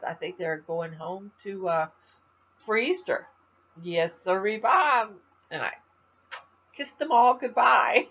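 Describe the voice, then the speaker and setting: A woman's voice: sits low, gravelly, slightly rough, muffled recording. An older woman from Florida, a crafting vlogger, chatting in a rambling, tired, slightly stuffy way to her viewers. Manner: rambling, chatty, trails off with fillers. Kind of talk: rambling casual chat to viewers.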